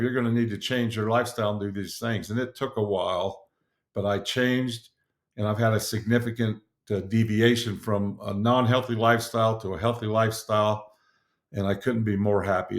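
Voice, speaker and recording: A middle-aged man hosting a podcast, giving an earnest motivational solo talk with frequent fillers and restarts. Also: lowish voice. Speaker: podcast host.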